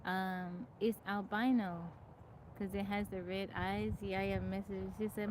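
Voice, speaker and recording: A woman's voice: medium pitch, fairly even intonation, unhurried. Woman host, casual outdoor phone livestream, chatty, laughs often, faint background noise. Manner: chatty, greets viewers by name, laughs often. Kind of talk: casual live chat. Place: outdoors in nature.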